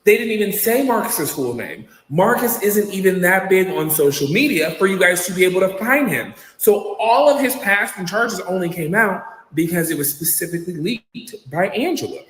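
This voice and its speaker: Guy with a bright fairly high voice rambling thru a story, echoey room w long reverb. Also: animated, normal speed, hardly any pauses. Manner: rambling, acts out quoted dialogue. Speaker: guest telling his story. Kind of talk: storytelling in a video clip.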